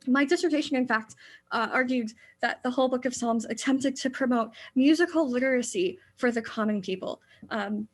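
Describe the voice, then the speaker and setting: A woman, maybe in her thirties, giving an illustrated church lecture, explaining eagerly with frequent fillers and restarts. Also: a little high.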